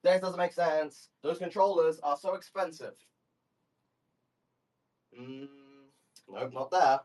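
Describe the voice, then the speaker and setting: Slow and a little high, with a darkish tone, this man talks into a phone microphone from a step away in his home room during a casual live audio stream. His rambling comes in baffled, exasperated bursts laced with swearing.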